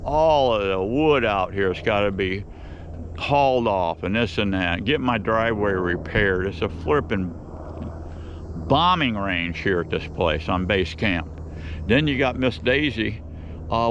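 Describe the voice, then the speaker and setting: A man with a lowish voice talks to his viewers from outdoors on his own property. He rambles in a folksy, down-home way, often circling back and repeating himself as he goes. It sounds like an unscripted vlog monologue from someone hosting his own channel. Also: unhurried, highs cut off, a little hiss or hum. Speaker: beekeeping channel host.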